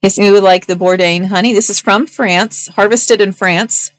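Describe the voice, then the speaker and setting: This live auction seller keeps up casual, upbeat sales talk sprinkled with teasing jokes. She speaks in a mid-range voice at a moderate pace with fairly even intonation, on a dry, low-quality recording.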